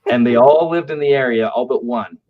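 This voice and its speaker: A man's voice: mid-range voice, a little fast. A man telling stories about customer service in a conversational way, often asking "right?" to check in with the listener. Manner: anecdotal, keeps asking "right?". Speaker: aftercare company speaker. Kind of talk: conversational business storytelling. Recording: dull lo-fi audio.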